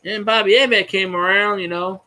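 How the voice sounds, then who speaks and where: A man's voice: high-pitched, fairly even intonation, normal speed, pushed and bright. A man, a fan vlogger rambling and swearing as he chats with viewers on a casual livestream. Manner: rambling, profane, talks to viewers in chat.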